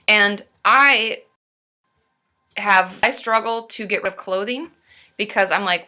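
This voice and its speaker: Woman therapist, livestream host, bright forceful tone, bubbly and casual, cheers viewers. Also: medium pitch, a little slow. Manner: bubbly, cheers viewers with squealed woo woos, swears casually.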